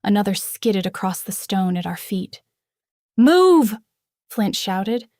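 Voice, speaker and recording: A woman reading a first-person fantasy novel aloud in a dramatic, expressive way. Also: medium pitch, unhurried, no room sound, clean studio sound. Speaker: audiobook narrator.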